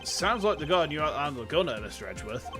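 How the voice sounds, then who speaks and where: A man voicing a gruff, loyal male police detective from a game, talking low and calling everyone "pal". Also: big pitch swings, fast, music in the background.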